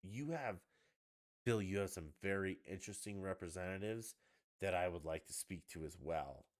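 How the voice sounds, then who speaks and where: Deep-voiced ranting podcast man. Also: normal speed. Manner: profane, ranting, animated outbursts. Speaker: podcast host. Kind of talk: casual livestream rant.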